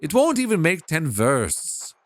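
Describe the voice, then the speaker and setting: Guy doing a smug cocky young kid, mocking tone, lively pitch. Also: unhurried.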